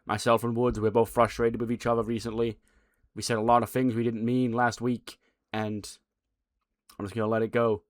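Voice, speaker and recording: A man doing a calm conciliatory male wrestler. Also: mid-range voice, moderate pace, no room sound, clean studio sound, natural voice. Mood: placating.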